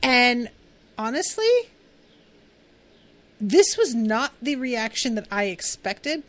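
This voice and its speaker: A woman's voice: a little high, big pitch swings, takes it slowly. A woman talks casually as a podcast host, recapping a TV episode. She is chatty and full of fillers, and she slips into acted-out quotes of the characters.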